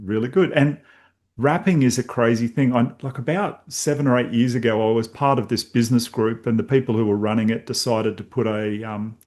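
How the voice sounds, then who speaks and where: A man's voice: medium pitch, fairly even intonation, brisk, darkish tone. A middle-aged man, a podcast host telling stories in casual conversation and acting out his own reactions.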